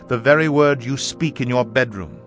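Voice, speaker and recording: A man voicing a cautious male army officer in a low, measured read. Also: a bit bright, soft background music, natural voice. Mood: respectful.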